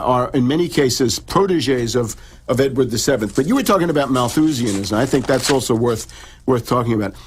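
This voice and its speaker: Lecturing man with a husky voice. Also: medium pitch. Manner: lecturing, frequent restarts and repeated words. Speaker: in-studio guest author and researcher. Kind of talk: talk radio interview. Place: radio studio.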